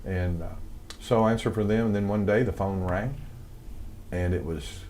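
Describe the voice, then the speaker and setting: An older man with a light Southern American accent, his voice sitting very low. He rambles through his stories in a casual interview, full of fillers and restarts. There is a faint hiss of noise behind him. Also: fairly even intonation, brisk, a little mellow. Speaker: guest, songwriter and composer.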